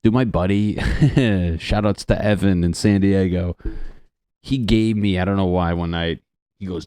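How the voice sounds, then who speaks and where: A man's voice: lowish voice, unhurried, dark tone, dry recording. A young man hosting a solo comedy podcast, rambling and swearing, laughing at his own jokes, close on the mic. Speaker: podcast host.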